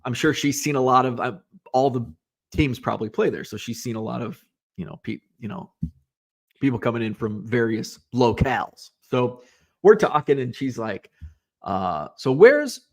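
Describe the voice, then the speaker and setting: A man's voice: mid-range voice, moderate pace. A man from Illinois hosting a podcast, chatting casually and rambling with lots of fillers and asides. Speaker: podcast host. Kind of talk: casual live-show chat, reading viewer comments.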